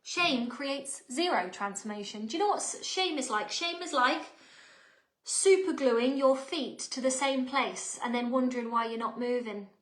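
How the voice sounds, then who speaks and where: An English woman in her thirties leads a live online coaching workshop, talking in a chatty, emphatic way and often asking her viewers questions. Her voice sits a bit high. The room around her sounds roomy and echoey. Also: moderate pace, a bit bright. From England. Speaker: wealth and mindset coach. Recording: roomy echo.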